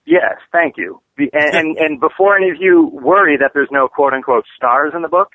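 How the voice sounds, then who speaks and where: A man's voice: fairly high pitch, expressive, normal speed. A man calling in as a guest, joking about himself and swearing casually. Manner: joking, self-deprecating, swears freely. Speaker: wrestling manager, guest. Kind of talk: casual phone-in interview. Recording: tinny phone line.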